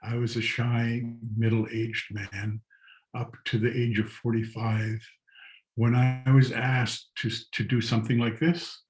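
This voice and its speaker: An older man telling stories slowly and reflectively on a video call, with soft laughs. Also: mid-range voice, little pitch movement, low-quality recording. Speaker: guest artist and storyteller. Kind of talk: storytelling talk.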